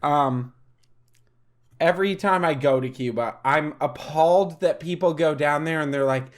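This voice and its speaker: A man co-hosting a podcast in casual chat, telling animated stories, acting out the people in them and laughing often. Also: on the high side, normal speed. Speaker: podcast co-host.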